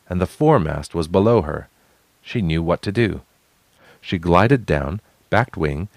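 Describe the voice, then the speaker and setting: Deep-voiced male story narrator. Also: no room sound. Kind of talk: scripted fantasy story narration.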